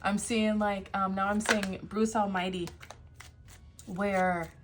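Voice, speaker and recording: A woman's voice: medium pitch, fairly even intonation, takes it slowly, slight background noise. A woman giving a casual tarot reading, emphatic, often laughing and sighing. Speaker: tarot reader.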